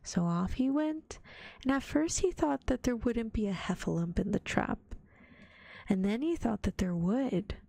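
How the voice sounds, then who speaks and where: A woman reading a children's storybook aloud in a gentle ASMR whisper. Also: fairly high pitch, expressive, a little slow, gravelly. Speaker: vtuber storyteller.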